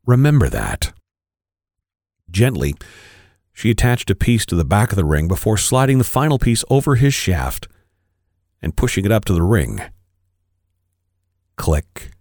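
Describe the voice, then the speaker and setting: A man, a podcast co-host, reading an erotic story aloud with expressive, varied delivery. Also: on the low side, moderate pace, long pauses, no echo, studio quality.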